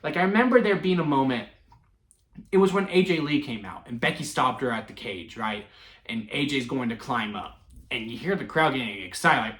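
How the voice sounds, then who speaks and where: A chatty man talks through a wrestling event in a loose, animated way, laughing as he goes. His voice sits at an ordinary middle pitch. The sound is roomy and echoey. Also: a little fast. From Texas. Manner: chatty and animated, laughs often, restarts and fillers. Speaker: wrestling reviewer. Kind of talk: casual solo review. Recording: echoey room.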